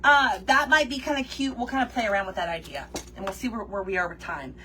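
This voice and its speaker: A woman's voice: mid-range voice, fast, a little hiss or hum. A woman chatting casually with viewers during a livestream while she works on a craft project. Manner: chatty, animated, reads viewer comments aloud, laughs often.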